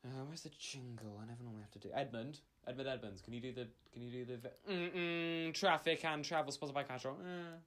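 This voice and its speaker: A man in a mid-range voice hosts a comedy podcast. He rambles and stammers through an improvised story, at times working himself up into a loud rant. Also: mid-range voice, a little fast, few pauses. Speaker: podcast host.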